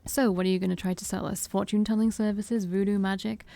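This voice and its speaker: Woman playing a jeering male punk vampire, profane, mellow tone. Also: mid-range voice, level tone, fast, gravelly, soft background music, natural voice.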